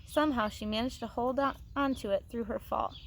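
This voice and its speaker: Teacher reading a chapter book aloud, expressive, higher voice, phone mic. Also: female voice, brisk, slight background noise. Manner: expressive reading with small restarts.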